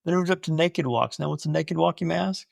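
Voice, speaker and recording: A young man telling his own story in an animated way, with punchy short phrases. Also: fairly high pitch, quick pace, creaky, no room sound, studio quality.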